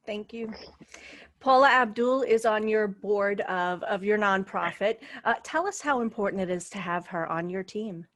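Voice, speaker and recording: A woman's voice: mid-range voice, moderate pace, fairly bright tone. A woman hosting an interview, giving short affirmations and asking her guest questions. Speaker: talk show host.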